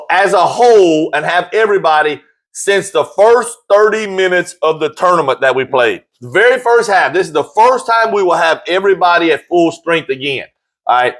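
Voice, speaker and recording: On a casual sports talk show, the male host is animated and jokey. He repeats himself often, and his pitch shoots up high when he gets excited.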